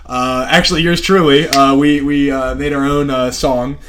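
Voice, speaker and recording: A man's voice: mid-range voice, fairly even intonation, moderate pace, fairly bright tone, slight background noise. A young man co-hosting a casual podcast, telling a story in a rambling way with many fillers and swear words. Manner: rambling, lots of fillers and profanity, laughs while telling stories. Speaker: podcast co-host.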